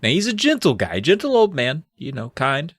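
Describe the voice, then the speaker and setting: Male co-host, expressive delivery, dry close recording. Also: on the high side, normal speed, dry recording. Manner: animated, jokey, swears casually. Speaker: podcast co-host. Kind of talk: casual book-club chat and reading aloud.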